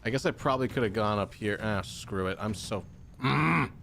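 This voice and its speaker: A man's voice: fairly low pitch, animated, normal speed, vocal fry, a bit bright, a little hiss or hum. Man grumbling jokingly over a game. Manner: jokey, mock-angry grumbling with silly made-up words. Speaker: streamer. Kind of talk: casual gameplay commentary.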